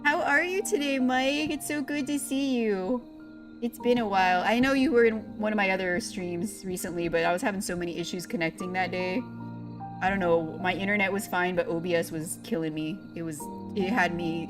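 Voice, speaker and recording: A young woman, playfully chatting with her viewers by name while streaming a cozy game. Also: fairly low pitch. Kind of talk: casual live-stream chat with chat.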